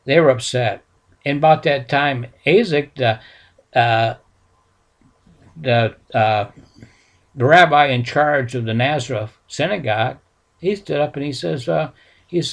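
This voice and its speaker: A male preacher retelling a Bible story in a folksy, halting way, full of restarts. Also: mid-range voice, vocal fry. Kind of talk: sermon storytelling.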